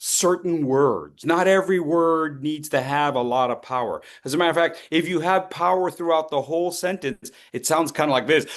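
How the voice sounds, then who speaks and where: A man leading an online public speaking workshop, coaching participants and swinging between loud and soft to demonstrate. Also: fairly high pitch, normal speed, few pauses.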